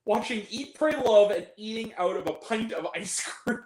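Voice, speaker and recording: A man tears into a film in a sarcastic, exasperated review, his pitch swooping widely as he rants. His laughter slips in at the absurd parts. The voice carries a roomy echo. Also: lively intonation, moderate pace, darkish tone. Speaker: movie reviewer.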